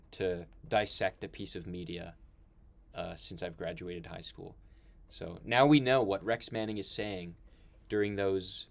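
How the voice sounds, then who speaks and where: A man's voice: deep voice, gravelly. A young man hosting a casual film talk, rambling with fillers and laughs. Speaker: podcast host.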